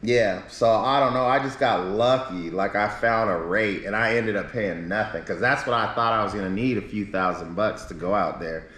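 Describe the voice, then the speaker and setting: A man's voice: on the low side, moderate pace, hardly any pauses, a bit bright. A man streaming live, telling a long rambling story in casual talk full of swearing. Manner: rambling, profane, acts out quoted people. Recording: roomy echo.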